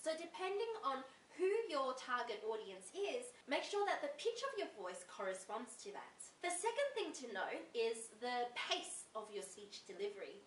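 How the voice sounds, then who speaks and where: A young Australian woman teaches in a clear, deliberate way, her high voice rising and falling a lot. She sounds set back from the microphone in a roomy space. A faint hiss runs underneath. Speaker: tutor. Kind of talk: instructional video talk. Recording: roomy echo from a distant mic with faint hiss.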